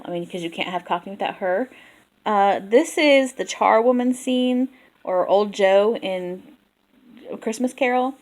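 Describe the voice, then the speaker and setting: A woman's voice: medium pitch, a bit bright, rough recording. A woman giving an informal class presentation on a dialect, chatty and full of ums and self-corrections. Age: adult with a young daughter.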